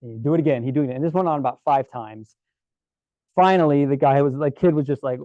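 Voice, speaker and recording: A man giving a casual storytelling presentation to a club, relaxed and chatty with many fillers and restarts. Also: medium pitch, fast, no room sound, phone-quality sound. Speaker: guest presenter at a camera club.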